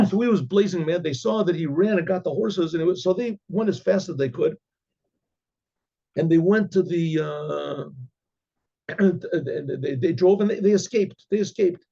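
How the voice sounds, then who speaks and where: A man, a rabbi, telling a religious story in a halting way with many restarts and frequent throat-clearing. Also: sits high, dark tone, highs cut off. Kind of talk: oral storytelling.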